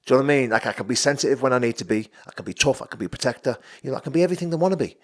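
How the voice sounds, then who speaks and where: A man in his thirties with a Geordie accent, a fighter talking openly on a podcast, blunt and sweary, moving between low, quiet stretches and emphatic bursts. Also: lively intonation, very fast. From North East England. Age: 30s. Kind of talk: casual podcast chat.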